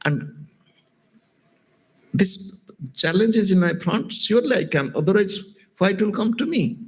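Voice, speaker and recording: A man with an Indian accent, a spiritual teacher giving a sermon, telling stories gently and repeating lines, asking listeners direct questions. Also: high-pitched, unhurried, husky. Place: lecture hall.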